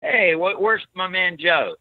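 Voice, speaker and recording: A man calling into a talk show, sharing his views in a halting way with many fillers. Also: high voice, lively intonation, no echo. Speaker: caller. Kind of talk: casual phone-in chat. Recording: tinny phone line.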